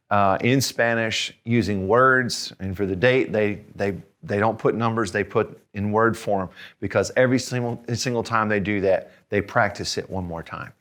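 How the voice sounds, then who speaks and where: A man teaching a video language lesson as a Spanish teacher, encouraging, repeating each word slowly so learners can say it after him. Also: fairly low pitch, fairly bright tone, clean tone.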